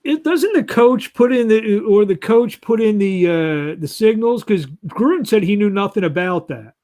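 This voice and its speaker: A male host with a high voice runs a casual sports chat. He asks eager questions and keeps repeating his words as he stumbles. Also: expressive, normal speed, warm tone.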